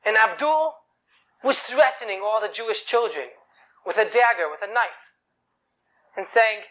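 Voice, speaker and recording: A man's voice: high-pitched, normal speed, long pauses, a bit bright. A man telling an inspirational story in a chatty way, often asking rhetorical questions. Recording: dull lo-fi recording.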